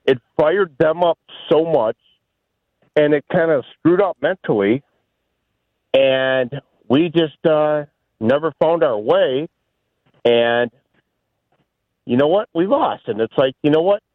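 A man's voice: a little high, lively intonation, takes it slowly, long pauses, dry recording. A man calling in to a sports radio show, rambling and saying "you know" a lot. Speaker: radio caller. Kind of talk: call-in radio. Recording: phone line.

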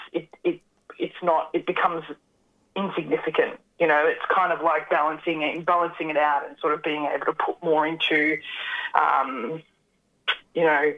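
A guest speaking in a phone interview, hesitant and full of fillers and restarts. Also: medium pitch. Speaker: community organisation representative, guest. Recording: tinny phone line.

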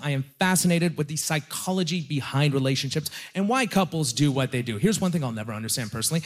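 A young man performing a stand-up comedy set, telling self-deprecating stories in a chatty, conversational way. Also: fairly high pitch. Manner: self-deprecating, conversational storytelling with quick asides. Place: comedy stage before a laughing audience.

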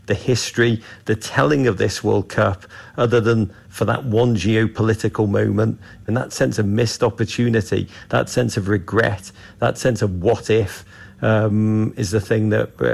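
A man's voice: lowish voice, vocal fry, a little mellow. A man guest talking soccer in a radio interview, with grand, theatrical, sweeping rhetoric. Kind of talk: interview commentary.

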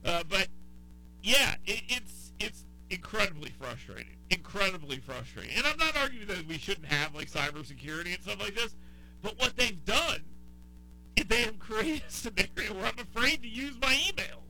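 A Southern talk radio host rants in exasperation, circling back to the same point over and over in casual chat. His voice is high, bright, edgy, sing-song and gravelly at a moderate pace, and the audio is poor.

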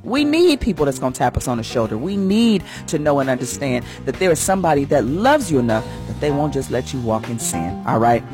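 Over faint background music, a woman speaks in a slightly mellow bass voice, brisk and with few pauses, her pitch swinging widely. Hosting a morning radio segment, she sounds like a preacher with a church first lady's conviction, fervent and folksy, swooping high and low to stress her points.

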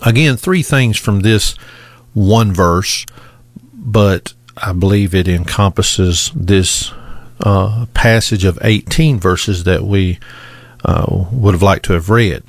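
A man's voice: lowish voice, slow pace, no room sound. A man preaching an earnest sermon, stretching key words for emphasis and repeating his points.

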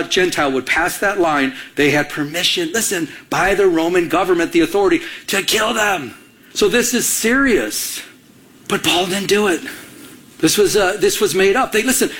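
A middle-aged pastor from Michigan delivers a sermon with a somewhat high voice. He is animated and conversational, stumbling into restarts and repeats as he speaks. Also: poor audio. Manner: animated, acts out little dialogues, frequent restarts.

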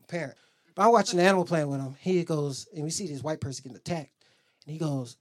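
A man's voice: sits high, expressive, fast talker. A man doing a loose, rambling stand-up comedy set on a club stage, acting out bits.

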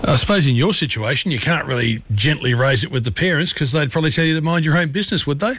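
A man's voice: a little high, fast talker, fairly bright tone, slight background noise. A man hosting a talkback radio show, chatty and encouraging with callers.

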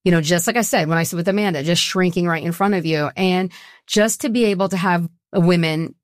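A middle-aged woman, co-founder of a women's support group, speaks as a guest in a conversational interview, earnest and emotional, rambling and often restarting her sentences. Her voice is fairly low and a little fast, captured in studio quality with no echo.

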